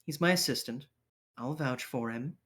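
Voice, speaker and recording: A man's voice: mid-range voice, moderate pace, fairly bright tone, close to an everyday voice. A man doing Mister Violet, gaunt and menacing. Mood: cold, probing.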